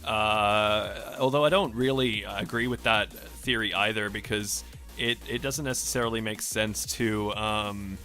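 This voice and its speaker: Aussie gamer guy ranting off the cuff, crisp bright voice, heavy rolled-on r's, keeps second-guessing himself. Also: on the low side, steady tone, unhurried, faint music behind. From Australia. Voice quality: strongly emphasized R sounds. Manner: rambling, self-questioning. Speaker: gaming vlogger. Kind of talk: casual rant over gameplay.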